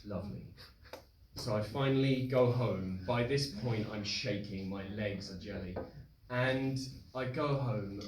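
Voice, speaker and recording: A young man telling a true story live on stage, animated, acting out the voices of the people in it. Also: lowish voice, measured pace. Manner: animated, acts out voices in quotes. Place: live event hall with audience. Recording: roomy live hall, distant mic, noisy.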